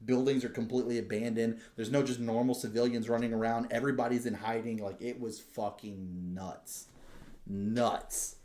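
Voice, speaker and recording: A man co-hosting a podcast, telling stories in an excitable, profane casual chat. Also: medium pitch, moderate pace, echoey room. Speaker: podcast co-host.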